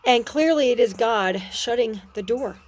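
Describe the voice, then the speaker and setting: A middle-aged woman talking earnestly and reflectively about her faith in a personal vlog, pausing and restarting her sentences, outdoors on a porch. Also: on the high side, animated, slight background noise. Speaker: Christian vlogger. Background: birds and dogs outside.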